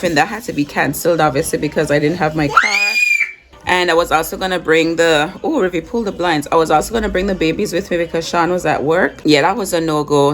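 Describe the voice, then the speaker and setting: A woman, vlogging casually on a phone as she chats and talks to her kids. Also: deep voice. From Jamaica, raised in Anguilla. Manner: chatty, rambling, talks to her kids between asides. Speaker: vlogger and mother. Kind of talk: casual vlog chat. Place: in a car, then at home. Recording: vehicle noise in background.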